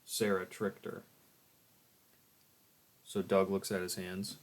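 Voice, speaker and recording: A man casually retelling a homemade story series, slow and offhand, with asides to the listener. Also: sits low, completely flat delivery.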